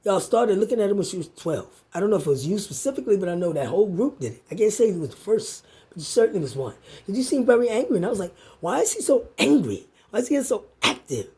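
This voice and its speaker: A woman with a husky, breathy voice rants straight at the camera, swinging her pitch up and down as she taunts and curses someone. Her delivery is confrontational and profane. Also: lively intonation, racing, few pauses, mellow. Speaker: vlogger. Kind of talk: angry direct-to-camera rant.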